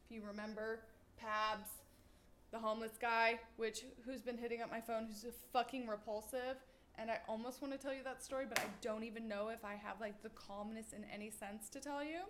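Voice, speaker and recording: A young woman with a slightly high voice talks through her solo podcast in a loose, chatty way. She swears freely and acts out her own quoted thoughts as she walks around her kitchen at home. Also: steady tone, brisk, a bit bright, slight background noise. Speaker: podcast host. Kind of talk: casual solo podcast chat.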